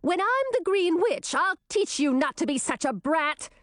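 A woman's voice: a little high, sing-song, a little slow, dry recording, clean studio sound. A woman voicing a haughty, bossy teenage princess who talks down to her sister. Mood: indignant. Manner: condescending, chattering.

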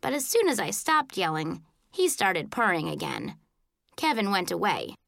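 A woman narrating a children's book in the first person, telling it in an expressive, childlike way. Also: medium pitch, normal speed, creaky, no echo, clean studio sound. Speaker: audiobook narrator.

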